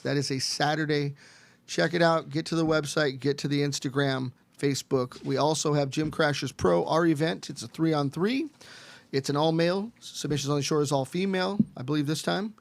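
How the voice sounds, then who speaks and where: A man's voice: a little high, normal speed, gravelly. A man hosting a live show, joking and plugging upcoming events in casual banter. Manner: joking, promotional, teasing. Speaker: host. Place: studio.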